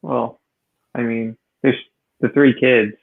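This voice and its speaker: Male guest on a tinny phone-like call, gravelly, dry teasing wit. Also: medium pitch, fairly even intonation, slow. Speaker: guest author.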